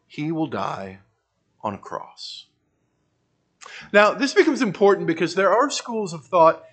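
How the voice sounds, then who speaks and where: Conversational man preaching with wry asides. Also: a little high. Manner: shifts between emphatic bursts and quiet trailing phrases. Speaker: pastor. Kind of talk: expository sermon.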